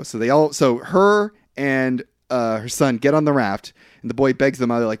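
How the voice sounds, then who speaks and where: A man's voice: mid-range voice, expressive, brisk, few pauses, dry recording, studio quality. A man casually retelling a film's plot on a podcast, rambling with fillers and quoting the characters. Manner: rambling, laughs often, quotes characters. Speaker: podcast co-host. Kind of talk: casual movie recap chat.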